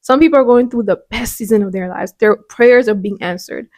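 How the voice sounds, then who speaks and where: A woman's voice: mid-range voice, fairly quick, darkish tone, dry recording. A woman hosting a devotional podcast. She talks in an earnest, conversational way and often restarts her sentences. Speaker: podcast host.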